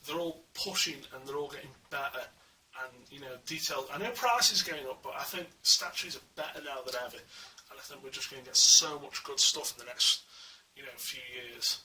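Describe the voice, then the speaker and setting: Speaking fairly quickly with hardly any pauses, a man with a sharp, mid-range voice rambles enthusiastically about a collectible statue he's reviewing at home. His casual talk is full of fillers, picked up by a small camera mic that sits at a distance and adds faint hiss.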